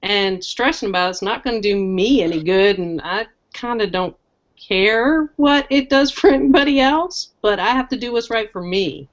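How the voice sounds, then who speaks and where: A woman chats frankly about her own life, cracking dry jokes along the way. She turns lively and loud whenever she quotes someone, and her voice sits in a middle register. The audio is dull and lo-fi, like a web chat. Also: mid-range voice, normal speed. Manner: frank, joking, animated when quoting. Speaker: guest sharing her cancer story. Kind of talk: casual chat.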